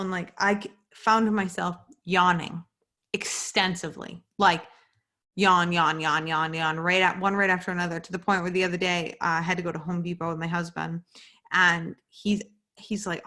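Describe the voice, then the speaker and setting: A woman's voice: lowish voice, flat delivery, moderate pace, bright, forceful tone. Chatty woman, lots of "like" fillers. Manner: chatty, many "like" fillers, candid and swearing. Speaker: podcast host. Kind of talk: casual solo podcast monologue. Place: home at night.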